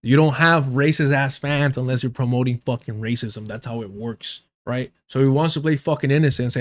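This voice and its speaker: A man's voice: medium pitch, fairly quick, few pauses. A man from the United States giving heated, profane, sarcastic commentary on a political debate during a livestream.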